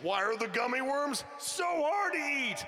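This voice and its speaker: A man playing a loud, bossy male ghost who coaches salesmen, shouting his tips in pushy pitchman patter. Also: big pitch swings, measured pace, full character voice. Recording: roomy hall echo.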